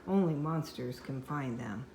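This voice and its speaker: A woman's voice: a bass voice, unhurried, darkish tone, a little hiss or hum. An older woman voicing a playful storybook mother with a cheerful motherly tone. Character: playful storybook mother who loves monster tales. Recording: echoey room.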